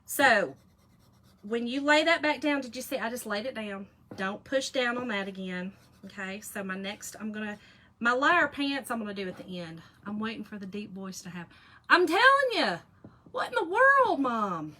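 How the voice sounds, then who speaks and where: A woman's voice: mid-range voice, normal speed, pushed and bright. A woman, hosting a casual craft live stream, chatty and folksy, teasing her viewers. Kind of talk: casual crafting demo chat.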